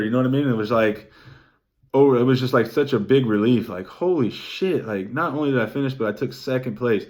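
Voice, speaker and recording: Excited rambling young man vlogging. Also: medium pitch, fairly quick. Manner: excited, rambling, swears a lot, many "like" fillers. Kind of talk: emotional race recap vlog.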